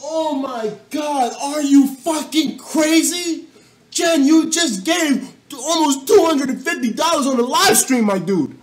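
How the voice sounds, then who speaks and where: A man live-streaming and reacting to donations in a casual, profane, excitable way, often bursting into shouts, recorded at home on a desktop mic. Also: extremely high pitch, slow. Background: faint music.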